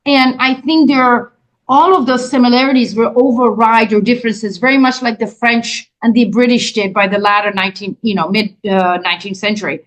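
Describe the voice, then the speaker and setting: High, emphatic woman co-host. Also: fairly even intonation, brisk, low-quality recording. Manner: emphatic, tells examples, overlaps with agreement. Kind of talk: casual political chat. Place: home, lives by the ocean in Florida.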